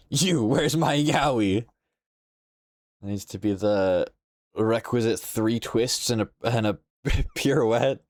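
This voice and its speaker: A young man streaming a game, chatting casually, sleepy and yawning yet playful and quick to exclaim. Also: low voice, no room sound, clean studio sound. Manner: playful, animated, exclaims and laughs often. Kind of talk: casual live-stream chat while playing a game.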